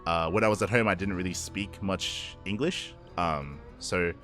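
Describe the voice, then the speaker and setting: A man with a mild Australian accent, tinged by a Spanish-speaking upbringing, casting an esports tournament in a relaxed, chatty live-stream manner, answering chat between games. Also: sits low, normal speed, faint music behind. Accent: mild Australian, blended with Spanish-speaking upbringing. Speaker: esports caster. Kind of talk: casual live stream commentary.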